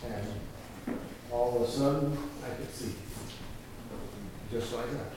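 A man playing a poor old blind beggar, telling his story in the first person with halting repeats and sudden cries. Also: medium pitch, pitched below the performer's own voice, lightly acted. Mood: earnest. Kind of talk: first-person dramatic monologue. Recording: echoey hall, distant mic, noisy.

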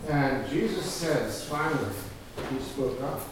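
A man playing a poor old blind beggar, telling his story in the first person with halting repeats and sudden cries. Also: mid-range voice, lively intonation, natural voice. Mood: earnest. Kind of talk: first-person dramatic monologue. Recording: echoey hall, distant mic, noisy.

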